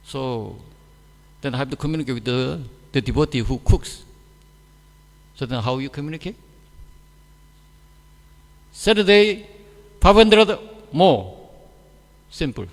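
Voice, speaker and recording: A man giving a scripture class in halting, simple non-native English, turning animated when he mimics others. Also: medium pitch, vocal fry. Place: temple hall. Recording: echoey hall.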